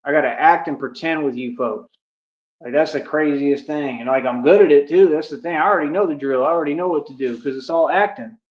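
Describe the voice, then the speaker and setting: A brash young man rants to his stream, swaggering and full of "like" as he talks himself up. His voice sits a little high for a man. The audio is dull and lo-fi. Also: fast talker. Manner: brash, swaggering, heavy use of "like". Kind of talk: boastful rant to a stream audience.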